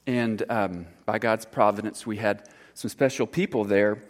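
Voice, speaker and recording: A man, a church counselor giving an informal sermon talk, earnest and halting, full of fillers and restarts. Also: lowish voice, steady tone. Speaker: church counselor speaking to congregation. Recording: long hall reverb.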